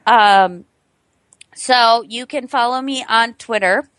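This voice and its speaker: A woman with a fairly high voice hosts a casual podcast. She teases her co-host playfully. The sound is dry and close. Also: slow, a bit bright, no echo. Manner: playful, teasing, laughs often. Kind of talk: casual chat.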